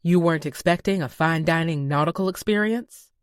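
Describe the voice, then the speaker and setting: This is a charming young male contractor with a soft, teasing ease, as a woman narrator reads his lines. The tone sits low and close, recorded dry in a quiet booth for an audiobook. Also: brisk, no room sound, lightly acted. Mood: warm, teasing. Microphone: close studio mic.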